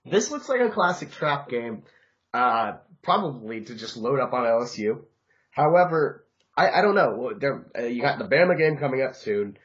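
A man co-hosting a podcast, chatting casually and excitably about football bets and mocking himself. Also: medium pitch, normal speed. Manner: excitable, self-mocking, frequent restarts. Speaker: podcast co-host. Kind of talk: casual sports-betting chat. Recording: dull, muffled podcast audio.

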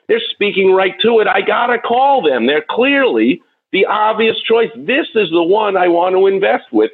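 A fired-up man coaching business owners in a blunt, ranting voice. The voice sits a bit high for a man and comes through husky. The sound is thin and tinny, like a phone line on the radio. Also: lively intonation, normal speed.

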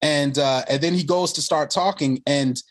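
A man's voice: on the high side, moderate pace. A man, a filmmaker guest, telling stories in casual conversation and acting out the people in them. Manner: animated, quoting others in lively voices. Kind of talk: conversational storytelling.

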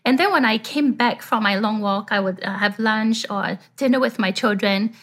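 A woman's voice: a little high, moderate pace, a bit bright. A middle-aged woman, a mother and panel guest, telling a personal story in a reflective way, with light laughs between thoughts.

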